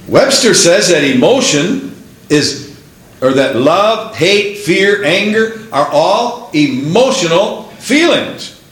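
A man preaching a Pentecostal sermon who builds to excited exclamations and breaks into laughter. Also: sits high, drawn-out words, pauses often, roomy sound.

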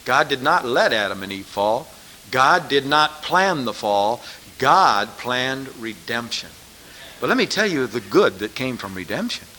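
A man's voice: medium pitch, sing-song, unhurried, bright, forceful tone, a little hiss or hum. A man preaching a sermon, pressing his listeners with emphatic rhetorical questions.

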